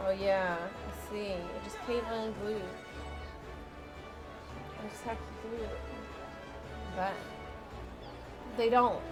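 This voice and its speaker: A woman streamer chatting casually with her viewers, rambling and often cutting herself off mid-sentence. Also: mid-range voice. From United States. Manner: chatty, rambling, self-interrupting.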